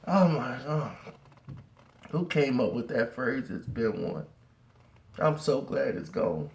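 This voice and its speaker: A man telling a street story in slangy, lively talk, with laughing asides and acted-out voices. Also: medium pitch, takes it slowly, gravelly, pauses often, a little hiss or hum. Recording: roomy echo.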